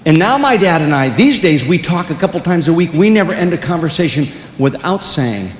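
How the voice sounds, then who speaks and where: An older man telling comic stories to young people, swinging between loud punchlines and hushed, earnest moments. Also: sing-song, fairly quick. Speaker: speaker at a youth conference. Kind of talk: comedic storytelling. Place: large hall. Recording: echoey hall with faint rumble.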